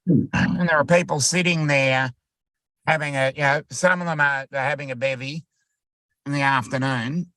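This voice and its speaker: A man co-hosting a livestream in casual chat, halting and repeating words as he goes. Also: medium pitch, fairly bright tone.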